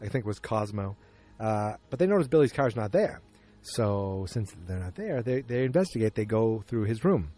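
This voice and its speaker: A man hosting a podcast, recapping an episode in casual chat from his backyard, acting out the characters' lines in quick changing voices. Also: fairly low pitch, sing-song, mellow, soft background music. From Massachusetts. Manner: chatty, acts out character lines with quick voice shifts. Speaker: podcast host. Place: outdoors in a backyard.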